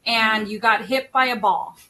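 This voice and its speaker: Bright-voiced woman podcast host. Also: fairly high pitch, measured pace, slight background noise. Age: middle-aged. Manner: emotional, laughing often, many fillers. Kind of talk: casual chat.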